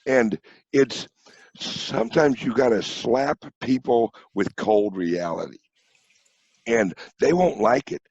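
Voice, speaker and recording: Blunt, slow-talking middle-aged man. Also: on the low side, animated, darkish tone, slightly rough, dry recording, highs cut off. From St. Louis, USA. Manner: blunt, profane storytelling. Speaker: podcast guest. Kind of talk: casual chat.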